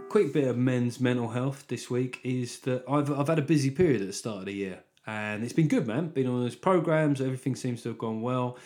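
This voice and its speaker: A man's voice: mid-range voice, a little fast, few pauses, darkish tone, faint music behind. A man hosting his own podcast as a comedian, talking in a rambling, sweary, self-deprecating way. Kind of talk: solo podcast monologue.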